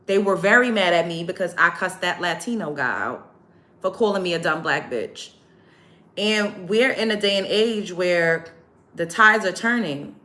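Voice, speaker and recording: Woman, livestream host, heated rant, profane, emphatic, sharp bright tone. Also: on the low side, a little slow. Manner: emphatic, profane, animated retelling. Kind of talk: heated storytelling rant to a live chat.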